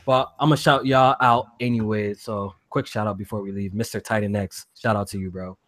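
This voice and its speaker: A man hosting a casual gaming podcast, talking in loose slang and getting loud and hyped when he jokes around. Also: lowish voice, steady tone, a little fast, a little hiss or hum. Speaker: podcast host.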